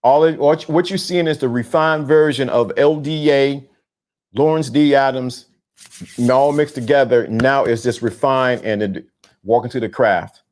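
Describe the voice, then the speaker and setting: A middle-aged man hosting a casual live stream, talking in slang, repeating himself and giving shout-outs to viewers. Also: mid-range voice, a little slow. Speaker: host of a talk show on dating game. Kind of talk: casual live-stream talk reading chat.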